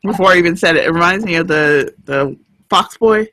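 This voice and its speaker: Chatty lower-voiced woman co-host. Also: a little fast, fairly bright tone. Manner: chatty, laughs often, trails off mid-sentence. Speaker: co-host of a book show. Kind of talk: casual chat.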